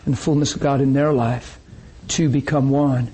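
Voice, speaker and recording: A pastor's mid-range voice, at normal speed, comes through a rough recording with a little hiss or hum. He preaches in church through lively storytelling, acting out quoted voices.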